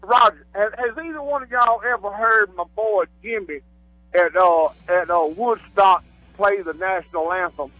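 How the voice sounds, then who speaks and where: A man calling in to a radio show, talking in an excited, rambling, folksy way. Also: high voice, normal speed, dry recording. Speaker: caller. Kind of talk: call-in radio chat. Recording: dull phone-line audio with faint music.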